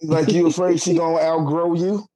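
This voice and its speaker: A man's voice: fairly high pitch, little pitch movement, moderate pace, warm tone, no room sound. A man co-hosting a casual podcast, laughing often and teasing with profanity. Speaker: podcast co-host.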